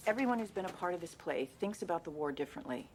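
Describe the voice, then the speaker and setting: An actress playing a gentle nun who teaches and calmly encourages her student. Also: fairly low pitch, quick pace, background noise, lightly acted. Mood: reassuring. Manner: calm, reassuring.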